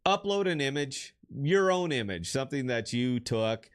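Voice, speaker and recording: A man's voice: mid-range voice, lively intonation, moderate pace, clean tone. A man hosting a live podcast stream, chatting casually and rambling with restarts. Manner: rambling, restarts often, bursts into shouting laughs. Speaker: podcast host.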